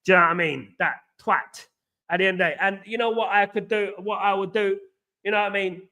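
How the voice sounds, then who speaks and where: Fired up and fast-talking, a football fan hosts a live stream, answering viewers in the chat with rambling passion. His voice sits high for a man, with a bright, forceful edge.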